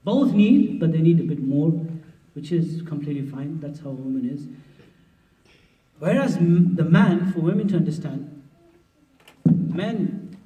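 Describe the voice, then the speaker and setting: A mufti gives a conversational, humorous workshop lecture on marriage in a mosque hall at a conference, acting out what spouses say. His voice is a little high and expressive, with a measured pace and long pauses. The roomy hall and distant mic leave the sound dull.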